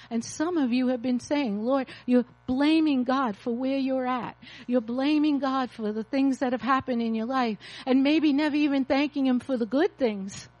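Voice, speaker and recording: Woman in her fifties, high voice, dry close sound, emotional sermon testimony. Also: normal speed, hardly any pauses, darkish tone, dry recording, dull audio. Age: 50s. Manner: emotional, confessional storytelling. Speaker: pastor.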